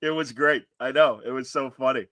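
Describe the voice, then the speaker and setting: Bright-voiced man hosting a chat show. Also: mid-range voice, steady tone, fairly quick, no room sound. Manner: rambling, full of fillers and restarts. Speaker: host. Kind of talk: casual chat.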